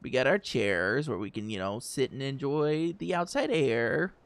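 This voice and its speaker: Male streamer, casual rambling chat with viewers, lively up-and-down voice, dry close mic. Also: mid-range voice, moderate pace, smooth, no echo. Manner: chatty, rambling, talks to chat with fillers and laughs.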